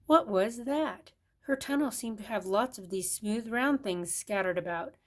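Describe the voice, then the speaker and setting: An older woman, a grandmother, reading a children's picture book aloud with expressive storytelling. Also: mid-range voice, moderate pace. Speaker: storybook reader.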